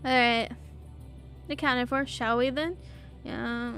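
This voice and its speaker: A woman's voice: fairly high pitch, steady tone, takes it slowly, long pauses, fairly bright tone, faint music behind. A woman streamer giving emotive, exclamatory let's play commentary that often stammers. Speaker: gaming streamer.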